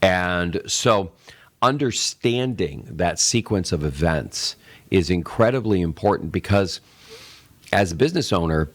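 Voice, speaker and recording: A middle-aged man with a very low voice talks through an idea on a casual podcast. He rambles and restarts, acting out little sales pitches as he goes. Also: animated, unhurried. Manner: rambling, explains with acted-out sales examples. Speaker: tech show co-host.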